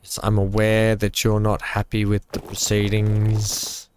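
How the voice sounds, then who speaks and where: A man with a fairly low voice talks his way through a building game from home. He rambles, cracks small jokes and thinks out loud at an easy, casual pace. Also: monotone, measured pace, slight background noise. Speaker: gaming channel host. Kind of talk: casual let's-play commentary.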